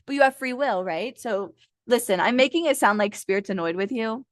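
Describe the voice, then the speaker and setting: A woman's voice: no echo, clean studio sound. Blunt, profane woman giving a tarot reading. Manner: blunt, profane and animated, acting out quick high-pitched voices. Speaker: tarot reader. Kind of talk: casual live tarot reading.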